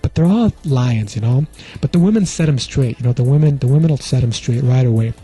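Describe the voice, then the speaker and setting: A man telling a comedy monologue in a loose, rambling way, tossing in asides as he goes. His voice is dark and husky, with lively ups and downs in pitch. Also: a little fast. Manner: rambling, many filler asides. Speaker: stand-up comedian.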